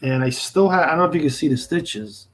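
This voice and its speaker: A man's voice: fairly high pitch, animated, fairly quick, poor audio. A man with a Brooklyn accent chatting casually and rambling with viewers on a livestream, full of fillers and restarts. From New York. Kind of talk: casual live chat.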